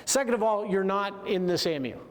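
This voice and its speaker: Speaking a little fast, with lively intonation and a high voice, a man tells a story during a motivational military leadership lecture. He often pauses to ask the audience "right?", and his voice carries through a large hall.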